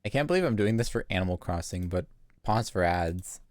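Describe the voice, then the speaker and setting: A Canadian man with a light accent streams a video game, chatting playfully and chuckling often. His low, darkish voice is animated and brisk, recorded with studio quality and no room sound.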